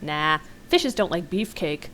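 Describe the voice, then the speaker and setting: A man's voice: on the high side, big pitch swings, slow, pushed and bright, slight background noise, full character voice. A woman reading the part of a cocky young man who teases his friends. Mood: joking.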